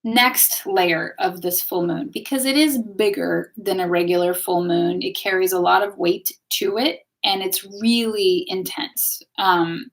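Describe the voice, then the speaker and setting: A woman's voice: mid-range voice, fairly even intonation, unhurried, hardly any pauses. A woman hosting a live astrology and tarot stream, talking casually to her viewers in an encouraging teaching tone and often checking in with them. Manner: chatty, warm-hearted, keeps checking in with viewers ("okay?", "right?").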